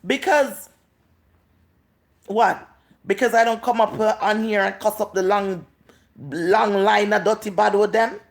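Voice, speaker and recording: A woman's voice: mid-range voice, a little slow, vocal fry, long pauses. A woman in her late thirties with a Jamaican accent, ranting and scolding on a live stream, drawing out words for emphasis. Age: 30s. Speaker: vlogger.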